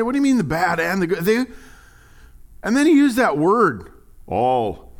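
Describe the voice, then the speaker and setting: Guy pastor preaching, jokey, goes quiet then suddenly loud and high. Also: moderate pace, pauses often. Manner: animated, jokey, swings from quiet asides to loud high exclaims. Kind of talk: sermon.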